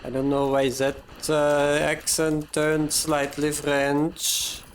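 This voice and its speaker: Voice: medium pitch, little pitch movement, slow, a little hiss or hum. A young adult streamer giving live gameplay commentary, thinking aloud, swearing and mocking their own mistakes.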